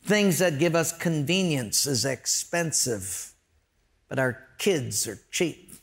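A man's voice: fairly high pitch, expressive, takes it slowly, a bit bright. A man pastor preaching a sermon, storytelling with jokes and earnest emphasis.

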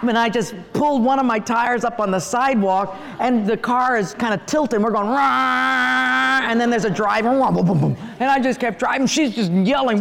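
High-voiced preacher in a ringing hall. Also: male voice. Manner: humorous storytelling, lively asides. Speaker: pastor. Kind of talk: sermon.

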